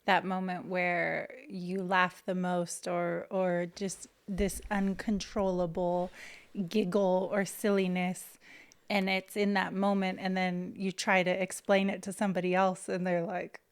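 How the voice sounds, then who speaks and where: A woman co-hosting a casual spiritual podcast, chatty and quick to giggle. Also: lowish voice, little pitch movement, smooth. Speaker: podcast co-host.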